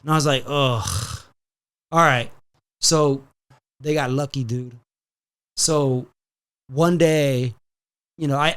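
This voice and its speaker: A man hosting a podcast, telling a story in a casual, profane, animated way and slipping in Spanish phrases. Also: mid-range voice. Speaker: podcast host.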